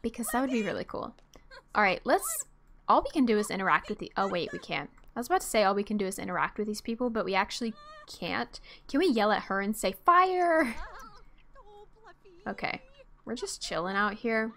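A woman's voice: medium pitch, very animated, fast, a bit bright, a little hiss or hum. A young woman streamer giving bubbly, giggly let's-play commentary and chatting to her game characters. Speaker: gameplay streamer.

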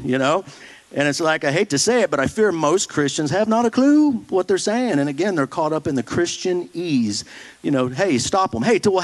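A man's voice: a little high, expressive, moderate pace, rough recording. A man preaching a sermon in a blunt, folksy way, mocking churchy phrases with put-on voices. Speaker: pastor.

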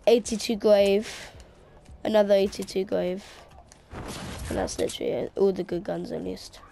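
A woman's voice: mid-range voice, fairly even intonation, normal speed, gravelly, dark tone, a little hiss or hum. A woman gamer in casual chat while playing, joking and rambling on a headset mic.

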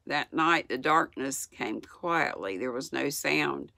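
A woman's voice: extremely low pitch, animated, vocal fry, no echo, studio quality. Older Southern woman reading a storybook. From United States. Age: 60s. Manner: gentle, unhurried reading with small slips and asides. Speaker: channel host reading aloud. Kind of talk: storybook read-aloud.

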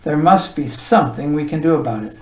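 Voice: medium pitch, lively intonation, brisk, natural voice. A reader voicing a fussy, sad king who issues royal commands in a storybook reading. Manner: commanding then mournful, regal. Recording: roomy echo, voice far from the mic.

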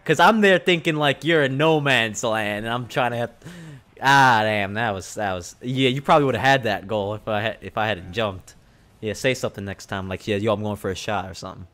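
A young man giving excited, loud gameplay commentary, yelling and laughing as he plays. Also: medium pitch, moderate pace. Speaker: gamer and video host.

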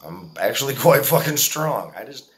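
A man's voice: mid-range voice, lively intonation, normal speed. A man in his forties telling a story to his viewers in a casual, profane, boastful way. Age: 40s. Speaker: vlogger.

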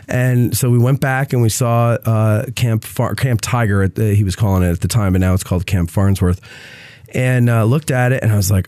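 A man's voice: medium pitch, moderate pace, dark tone, dry recording. A man hosting a casual chat, congested from a cold and rambling with lots of fillers. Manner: rambling, self-interrupting with many fillers. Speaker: podcast host.

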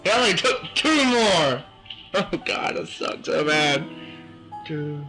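A young man in his teens giving goofy, excitable let's play commentary, humming along to the game music. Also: fairly high pitch, slow, poor audio. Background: faint game music.

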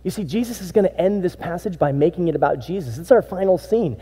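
A man preaching a sermon as pastor, swinging between hushed, intimate lines and emphatic bursts. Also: high voice, fast talker, husky. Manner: animated preaching, drops to hushed tones and rises to emphatic bursts. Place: church sanctuary. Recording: sanctuary with long reverb.

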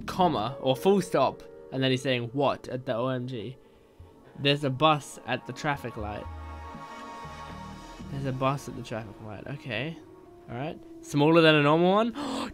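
A man hosting a gaming channel, excitedly reacting as he plays, reading text messages aloud and shouting at the screen. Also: mid-range voice, measured pace, faint music behind. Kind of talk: reacting while playing a game.

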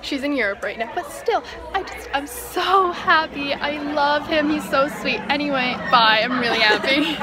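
A young woman vlogging, talking with gushing, breathless excitement as a book fan. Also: high-pitched, moderate pace, few pauses, over music. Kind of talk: excited vlog chat. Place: crowded bookstore and city streets. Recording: busy crowd and street noise behind.

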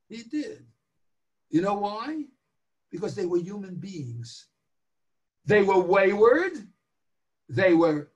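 A man delivers a daily Torah lecture in the cadence of a sermon. His pitch rises and falls in wide swings, and he drives each point home with rhetorical questions and slow, stressed phrases. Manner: animated, emphatic, drawn-out stresses and rhetorical questions. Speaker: rabbi giving a daily Torah class.

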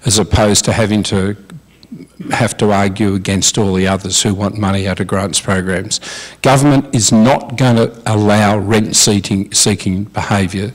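A man's voice: lowish voice, rough recording. A man on a discussion panel, making blunt, skeptical, pessimistic points about policy.

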